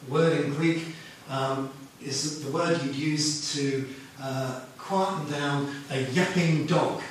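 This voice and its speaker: A man's voice: medium pitch, takes it slowly, few pauses, a little hiss or hum. A man preaching a sermon in a conversational storytelling manner. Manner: conversational, storytelling, half-sings lyrics. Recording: echoey room from far off.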